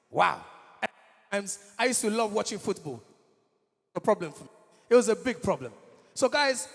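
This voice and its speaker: A man's voice: high-pitched, vocal fry. A young man from Congo hosting a live event as a comedian, telling stories and talking straight to the crowd on stage in a large hall. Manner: animated, addresses the crowd directly. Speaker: comedian host. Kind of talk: stand-up storytelling at a live event. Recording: long hall reverb.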